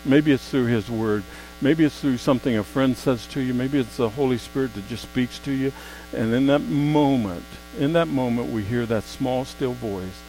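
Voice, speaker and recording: A man preaching a sermon, swinging between quiet, slow asides and loud, emphatic exclamations. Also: mid-range voice, slight background noise, poor audio.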